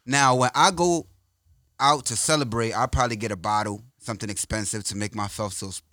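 A man's voice: fairly low pitch, steady tone, a little fast, pushed and bright, dry recording, studio quality. A man who is a poet, guesting on a podcast and telling a joking, slangy story in casual chat.

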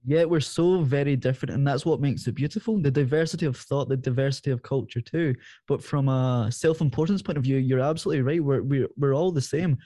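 Podcast host guy, warm mellow voice, dry close sound, kinda halting, repeats words. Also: mid-range voice, no room sound. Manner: measured, repeats words while searching for them. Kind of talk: interview questions.

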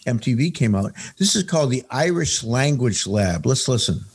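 A man's voice: mid-range voice, sing-song, moderate pace. A man hosting a radio show, introducing comedy clips in a chatty, enthusiastic way. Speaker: radio host. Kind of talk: casual radio chat.

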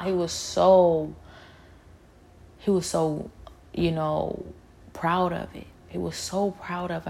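A woman sharing an earnest spiritual testimony, her voice low and gravelly with a flat, steady pitch. She often repeats phrases for emphasis, and faint noise sits behind her. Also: slow, pauses often. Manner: earnest, emotional, repeats herself.

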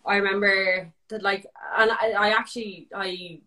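An animated young Irish woman chats as a podcast guest. She tells her story fast and loose, leans on "like" and swears freely. Her pitch sits in the middle range for a woman. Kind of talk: casual storytelling chat.

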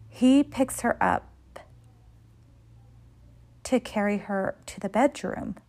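A woman talks through a soap episode in an easy, conversational recap. She wanders through fillers and drops blunt, joking asides. Her voice sits at an ordinary middle pitch for a woman. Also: dark tone. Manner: chatty and conversational, with loose fillers and frank jokes. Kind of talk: casual recap commentary.

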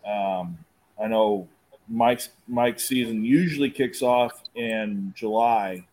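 A man hosting a casual podcast chat, talking in a halting way with many fillers. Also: on the low side, darkish tone. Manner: slow, halting, filler-laden.

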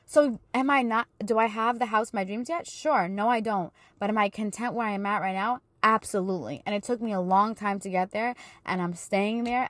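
A woman's voice: mid-range voice, no echo. A woman in her thirties, hosting a podcast as a life coach, talking casually and encouragingly, fervent in her faith. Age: 30s. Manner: chatty, encouraging, faith-filled; emotional and fervent in praise. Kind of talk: casual motivational talk.

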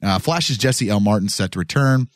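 A man's voice: on the low side, moderate pace, no room sound. A young man hosting a casual podcast in a small studio, loose and joking, rambling with restarts. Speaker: podcast host.

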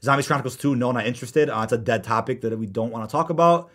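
A man hosting a casual podcast, reading out viewer comments and answering them in a lively way. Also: medium pitch. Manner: fast, animated, reads viewer comments aloud. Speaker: podcast host.

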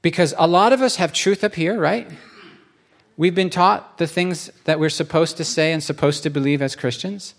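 A man's voice: on the high side, moderate pace, creaky. A man preaching a sermon in a church, speaking conversationally and acting out quotes with rising emphasis.

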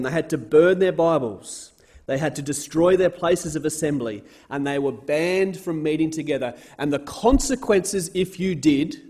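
A man delivers a sermon in an earnest, steady voice that sits a little high for a man. He leans on repeated words for emphasis. When he reads scripture aloud, his delivery rises in force. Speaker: speaker giving a Bible talk.

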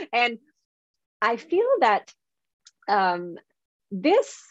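A woman's voice: mid-range voice, lively intonation, a little slow, dry recording. French Canadian woman, eager, dull dry audio. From Quebec, Canada. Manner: earnest, eager, with frequent laughs. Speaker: guest, professional speaker. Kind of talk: podcast interview.

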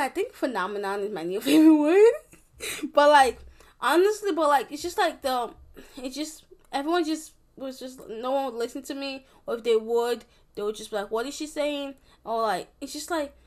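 A young woman telling a personal story to the camera in a casual, rambling way, with many restarts and fillers. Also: a little high. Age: young adult. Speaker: vlogger.

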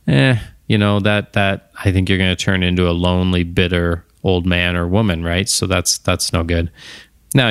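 A man's voice: low voice, a bit bright, smooth, dry recording, studio quality. A man hosting a podcast on his own, talking casually and wandering off into tangents. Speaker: podcast host. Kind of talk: casual solo monologue.

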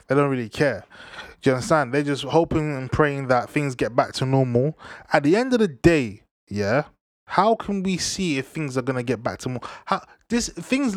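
A man's voice: fairly high pitch, dry recording, studio quality. A young man ranting to camera, heated, slangy and full of swearing and restarts. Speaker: vlogger.

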